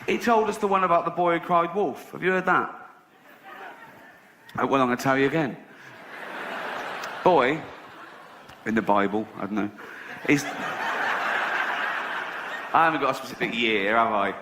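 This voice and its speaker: Male comic, mid-pitched voice, dry mocking storyteller who swears a lot, faint background noise. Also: animated, normal speed, long pauses. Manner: sardonic, swears freely, mock-innocent storytelling. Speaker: stand-up comedian. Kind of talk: stand-up storytelling.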